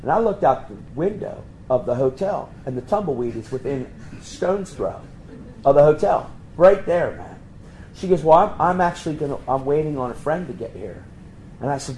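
A fairly high-pitched man from Pennsylvania preaching in a storytelling way. He jumps his pitch up sharply when he acts out what others said. A faint hiss of room ambience sits behind him. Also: moderate pace, rough recording. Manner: animated, acts out quoted voices with sudden high jumps. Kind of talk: storytelling sermon.

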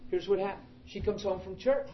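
A man preaching a sermon in an emphatic, animated way, calling out to the congregation. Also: high-pitched, a little fast, reverberant, dull audio, slight background noise.

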